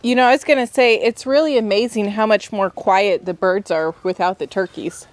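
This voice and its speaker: A woman's voice: medium pitch, moderate pace, no echo. A woman on a homestead vlog chatting and laughing easily while doing chores outdoors. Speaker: homestead vlogger. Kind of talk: casual chat while doing farm chores. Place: outdoor animal pen.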